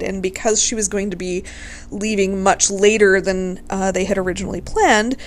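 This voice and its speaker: A woman casually telling a history story to her viewers, gushing over her subject, swearing freely and close to tears. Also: medium pitch.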